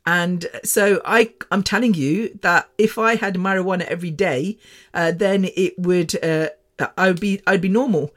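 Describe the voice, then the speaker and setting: Here a podcast host in her fifties spins a casual, meandering story, chatty and quick to laugh, with a swear word now and then. She speaks at normal speed in a lowish voice.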